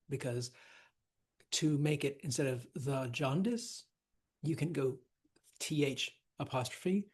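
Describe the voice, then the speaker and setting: A teacher lectures on poetic meter in a slow, unhurried way. The voice is husky and a little breathy. Asides and fillers keep the talk loose, and now and then the stresses are tapped out in sing-song syllables. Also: medium pitch, darkish tone. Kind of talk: classroom lecture on verse.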